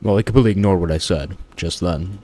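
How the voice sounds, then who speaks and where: A man's voice: sits low, fast, warm tone, husky. A man hosting a reaction commentary, talking in a blunt, argumentative and dismissive way. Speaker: commentary channel host.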